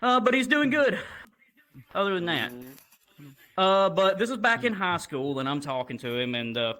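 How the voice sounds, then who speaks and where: A young man from Alabama telling a stand-up comedy story into a handheld stage microphone, animated and casually profane. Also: high voice, moderate pace. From Alabama, USA.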